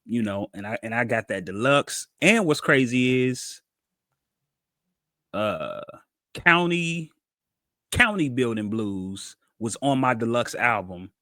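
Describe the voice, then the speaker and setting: Guy, podcast co-host, mid pitch, dry close sound, lively storyteller. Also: takes it slowly, no room sound. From Cincinnati, USA. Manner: animated storytelling, acts out quotes. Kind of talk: casual chat.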